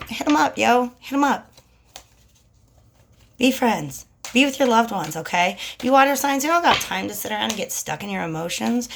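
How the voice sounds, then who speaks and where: A woman giving a casual tarot reading in a chatty, slangy, animated way. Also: fairly high pitch, moderate pace, creaky, background noise. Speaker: tarot reader.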